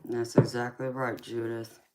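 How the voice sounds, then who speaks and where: A woman's voice: a bass voice, little pitch movement, unhurried, very noisy. A woman with a thick Southern accent, chatting casually with viewers on a live stream as a tarot reader and calling them pet names like baby and darling. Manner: laughs often between remarks.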